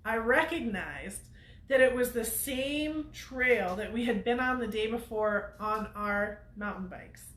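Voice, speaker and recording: A woman's voice: fairly high pitch, fairly bright tone, reverberant. A woman hosting a weekly show, telling a story to viewers in a chatty way and laughing often. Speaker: host of a weekly off-road show.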